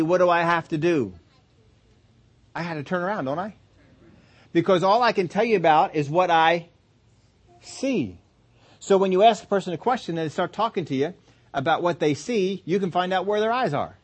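A man preaching a sermon, emphatic, slowing down to stress key phrases and acting out quoted complaints. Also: on the high side. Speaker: pastor.

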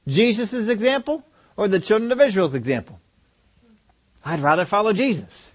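A man preaching a sermon, asking the congregation rhetorical questions and driving his points home with emphasis. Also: high-pitched.

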